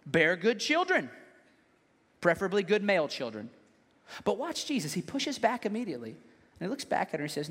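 A male pastor preaching a sermon in an animated, joking way. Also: high-pitched, fairly quick, pauses often, slightly rough. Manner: animated, joking, acts out scenes. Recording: long hall reverb.

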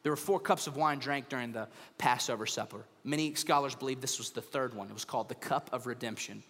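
A man's voice: medium pitch, fast talker, long reverb tail. A man pastor, giving a humorous sermon from a church stage, acting out voices as he tells stories. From United States. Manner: animated storytelling, acts out voices, humorous.

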